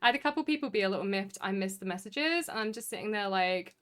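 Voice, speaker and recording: A young woman talks easily to her live stream audience. Her speech rambles and loops back on itself, full of "like" and "um" fillers. Her voice sits at a middle pitch. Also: lively intonation, fast, smooth. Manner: rambling, chatty, heavy use of "like" fillers. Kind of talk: casual chat with stream viewers.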